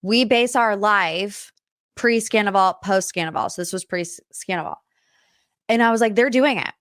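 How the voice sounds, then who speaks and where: A woman's voice: medium pitch, normal speed, fairly bright tone, clear, resonant tone, no echo, clean studio sound. A young woman hosting a pop culture podcast in a chatty, rambling style with lots of tangents. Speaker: podcast host. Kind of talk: casual pop culture chat.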